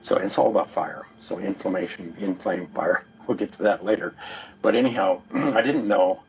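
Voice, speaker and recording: A man with a lowish voice explains a technical idea in a patient, lecturing manner as an interview guest. A faint hum of ambience sits behind him. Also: normal speed, low-quality recording.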